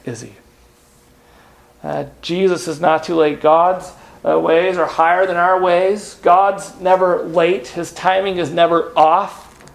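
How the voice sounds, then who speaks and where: Gravelly higher-voiced male preacher. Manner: earnest, with frequent "uh" and rhetorical questions. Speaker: pastor. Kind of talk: sermon.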